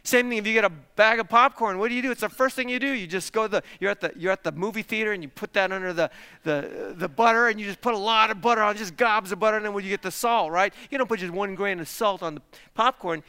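A man preaching a sermon to his congregation, emphatic and animated, asking rhetorical questions. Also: sits high, quick pace, smooth. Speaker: pastor.

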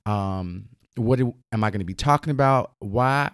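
A man's voice: lowish voice, moderate pace, hardly any pauses, dry recording. Southern man, home podcast host, slangy and profane, conversational, dry close sound. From Southern United States. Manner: chatty, profane, slangy and playful. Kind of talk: casual solo podcast chat.

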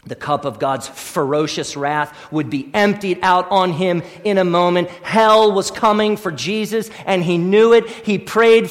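A man with a high-pitched voice preaches a sermon in a church, his words trailing into a long hall reverb. He talks earnestly, sinking to near whispers and then pushing hard, and repeats his questions for weight. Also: measured pace, hardly any pauses. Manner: earnest, swings from hushed to forceful, repeats questions. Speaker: pastor.

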